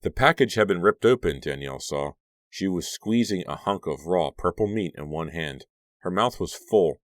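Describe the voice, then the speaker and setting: A man reading a horror audiobook aloud in a steady storytelling manner, close to the mic. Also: sits low, moderate pace, dry recording. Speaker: audiobook narrator. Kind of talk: scripted narration.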